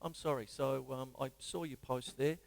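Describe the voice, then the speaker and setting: A man's voice: mid-range voice, steady tone, moderate pace, vocal fry, no room sound, in a large hall. A man with an Australian accent hosting a casual live-stream drum lesson, chatty and rambling with self-mocking asides. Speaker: drum teacher and show host.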